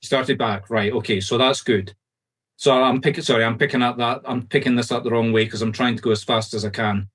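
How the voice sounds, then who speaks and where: A Scottish man, a medium, talks quickly and firmly over a video call. His tone is insistent but reassuring, and he speaks at an average pitch for a man. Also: fairly even intonation, a bit bright. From Scotland. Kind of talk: rapid-fire psychic reading to a video call group.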